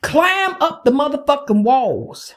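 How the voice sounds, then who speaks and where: Woman, angry profane rant, high-ish voice, unhurried. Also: very animated. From United States. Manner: profane, heated, emphatic. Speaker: podcast host.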